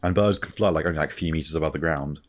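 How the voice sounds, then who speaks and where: A man's voice: a bass voice, rapid-fire. A man guesting on a casual podcast, joking around and arguing points in a playful way.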